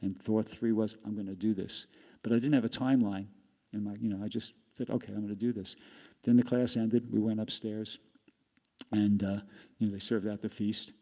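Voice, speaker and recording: Older man telling a story, gravelly and mellow. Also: fairly low pitch, moderate pace. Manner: rambling, animated storytelling with laughs. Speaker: speaker giving a class. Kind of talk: storytelling talk. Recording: long hall reverb.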